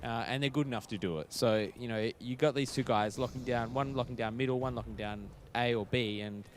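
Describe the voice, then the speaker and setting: A man's voice: medium pitch, a little fast, slight background noise. A man giving joking, self-mocking color commentary on a competitive shooter match. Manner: wry, self-mocking, chatty.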